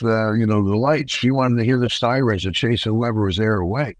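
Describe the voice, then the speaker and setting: Older American man, ex-wrestler guest, folksy animated storyteller, dry close sound. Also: mid-range voice, moderate pace, few pauses, dry recording, low-quality recording. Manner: animated, folksy, acts out quotes. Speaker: podcast guest, retired wrestler. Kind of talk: casual storytelling interview.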